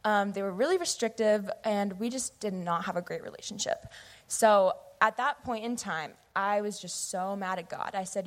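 A woman's voice: mid-range voice, normal speed. Earnest young woman giving church testimony. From US Pacific Northwest. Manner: earnest, animated, acts out her past self in quotes. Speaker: youth member giving testimony. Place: church sanctuary. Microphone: microphone at a pulpit or stage.

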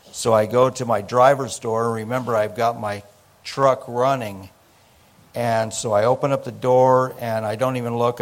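A preacher reading scripture and telling a personal story, acting out the dialogue. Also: male voice, on the low side. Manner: animated, acts out the dialogue in his story. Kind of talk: sermon storytelling.

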